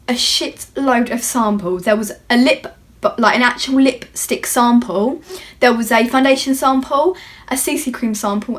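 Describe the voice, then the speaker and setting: A young British woman talks through a long shopping story as she does her makeup. Her voice sits a little high, and she rambles and corrects herself as she goes. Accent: British English. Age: young adult. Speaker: beauty vlogger. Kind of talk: chatty get-ready-with-me storytime.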